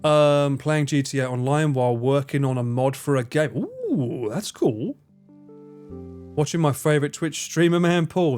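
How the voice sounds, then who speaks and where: A man's voice: fairly high pitch, big pitch swings, normal speed, darkish tone, soft background music. Chatty self-mocking male streamer. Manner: chatty, self-mocking, reads chat aloud. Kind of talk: casual live-stream chat.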